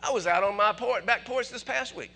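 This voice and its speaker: A man preaching a sermon as pastor, animated, asking the congregation questions and chuckling often. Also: high voice, fairly quick, vocal fry, soft background music.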